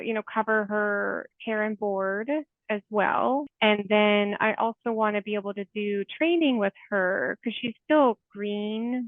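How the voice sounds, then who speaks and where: A woman in her forties shares her experiences in an unscripted interview, warm-hearted and rambling with frequent fillers and little laughs. Her voice sits at an ordinary middle pitch. The sound is dry and narrow, like a tinny phone or video call. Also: no echo. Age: 40s. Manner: chatty and heartfelt, with many "like" fillers and soft laughs. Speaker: therapist guest. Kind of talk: casual interview chat.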